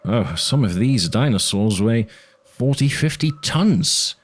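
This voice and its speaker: A man voicing a dry, thoughtful male mathematician who speaks with hesitations and pauses. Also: mid-range voice, animated. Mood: musing. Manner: hesitant, musing, many pauses.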